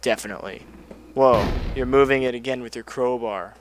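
A young man playing a horror game with a friend, easygoing and quick to laugh. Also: medium pitch, steady tone. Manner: easygoing, giggly, playful. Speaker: gaming co-player. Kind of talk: casual let's-play banter.

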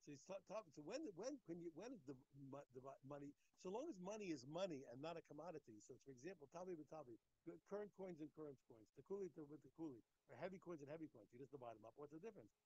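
A man teaching a daily Talmud class, animated and talking in quick restarts, repeating phrases as he works through the text. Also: a little high, breathy edge, muffled recording. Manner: animated, repeats phrases, acts out the text's speakers. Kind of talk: daf yomi Talmud class.

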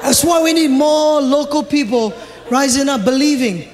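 A man doing live stand-up comedy in a Hawaii Pidgin-inflected accent, animated and shouting his punchlines in a large theater. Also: very high voice, normal speed, background noise. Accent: Hawaii Pidgin-inflected English. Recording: live theater hall with crowd.

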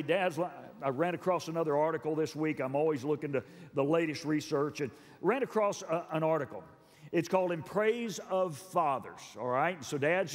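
Earnest man preaching in an echoey hall. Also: fairly high pitch. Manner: earnest, emphatic, repeats phrases for effect. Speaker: pastor. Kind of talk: sermon. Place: church hall. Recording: long reverb of a large hall.

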